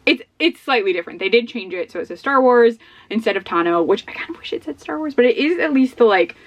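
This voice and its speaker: A woman's voice: a little high, expressive, quick pace. A young woman talking casually at home in a book vlog, chatty and bubbly. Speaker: book vlogger. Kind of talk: casual chat.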